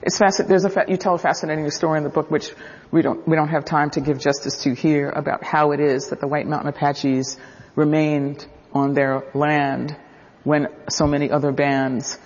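Playful male radio host with a husky, slightly high voice; dull, reverberant audio. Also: flat delivery, normal speed. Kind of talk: radio interview.

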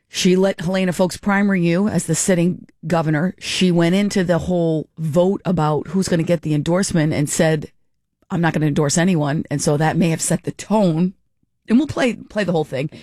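A woman hosting a morning talk radio show, chatting in an animated way and acting out little dialogues. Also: on the low side, dry recording, clean studio sound. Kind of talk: casual talk radio commentary. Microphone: studio microphone.

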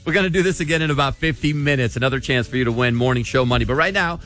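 A man's voice: mid-range voice, a bit bright, soft background music. A man hosting a morning radio show, chatting casually, joking and reading a listener's letter aloud. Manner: chatty, joking, quick asides.

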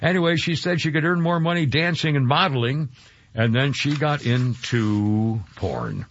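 A man's voice: mid-range voice, lively intonation, moderate pace, a bit bright, highs cut off, a little hiss or hum. A man hosting a radio talk show, chatting casually in a rambling, jokey way full of hesitations.

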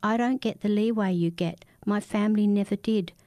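A woman's voice: medium pitch, normal speed, dark tone, no room sound, clean studio sound, natural voice. A woman voicing a bitter, vengeful young man with a gun who speaks in cold, clipped, resentful lines.

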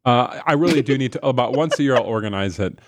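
A man's voice: mid-range voice, animated, quick pace, dry recording. A man hosting casual morning radio chat in a studio, rambling and self-deprecating with lots of fillers. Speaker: radio talk show host. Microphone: studio mic.

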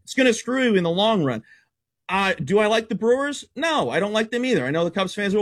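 A man with a high voice talks sports betting as a guest, blunt and brash. He reels off stats in a quick, competitive stream. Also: very animated. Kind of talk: fast stat-heavy sports betting talk.

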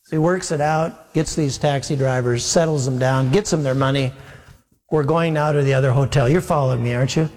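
A man's voice: medium pitch, brisk. A man preaching as a pastor, telling a long story with humor and acting out the dialogue himself. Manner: animated, self-mocking storyteller acting out dialogue. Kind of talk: sermon storytelling. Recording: long hall reverb.

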